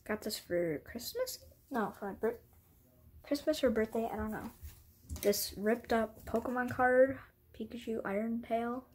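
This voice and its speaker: Husky-voiced woman, rambling and apologetic. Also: on the high side, measured pace, a little mellow. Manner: rambling, apologetic, self-deprecating; drops into whispers at times. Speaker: vlogger. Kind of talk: casual show-and-tell vlog.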